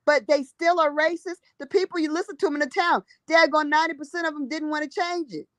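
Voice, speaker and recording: A woman's voice: high voice, steady tone, fast, fairly bright tone, dry recording. Emphatic woman telling a blunt story. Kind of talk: casual storytelling conversation.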